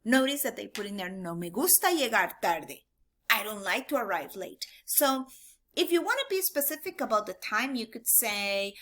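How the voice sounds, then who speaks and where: Bright-voiced woman teaching Spanish. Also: mid-range voice, sing-song, moderate pace. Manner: drills phrases for students to repeat; switches between English and Spanish. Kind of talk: recorded classroom lesson. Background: dog barking.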